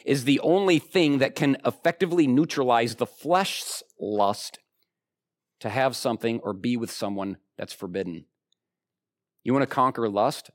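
A man preaching a sermon in a conversational, animated way, swinging from excited highs to quiet low asides. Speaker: pastor.

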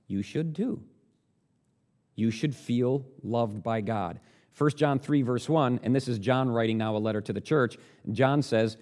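An earnest man with a medium-pitched voice preaches directly to his listeners, posing questions and swelling in volume on the points he emphasizes.

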